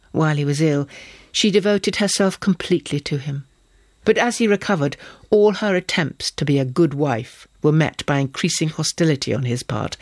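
A man's voice: on the high side, no room sound. Man narrating an audiobook, dry close sound. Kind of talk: scripted narration.

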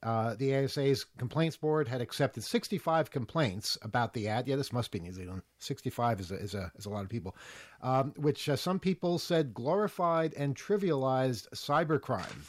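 A man's voice: mid-range voice, expressive, moderate pace. A man hosting a casual panel chat, reading a news item aloud with many fillers and wry asides. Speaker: host.

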